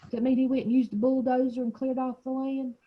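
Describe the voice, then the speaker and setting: A woman's voice: high voice, level tone, fast, muffled recording, a little hiss or hum. A woman teacher leading a small reading group over a video call, asking questions and explaining words patiently.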